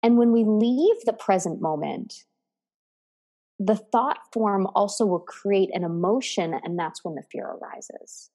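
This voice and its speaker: A woman's voice: mid-range voice, a little slow, mellow, in a large hall. A woman co-hosting a podcast in casual, reflective chat, often laughing. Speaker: podcast co-host.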